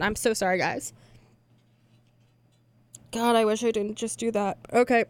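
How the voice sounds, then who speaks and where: A woman's voice: on the high side, measured pace, long pauses, no room sound. A young woman hosting a radio show, chatting casually between songs in a rambling, self-deprecating way, full of fillers and restarts. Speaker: radio host.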